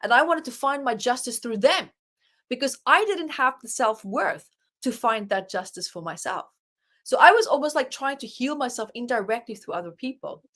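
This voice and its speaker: A woman's voice: a little high, expressive, normal speed, a bit bright. A woman guest, an author and life coach, earnestly telling a personal story in an interview and acting out her own inner dialogue.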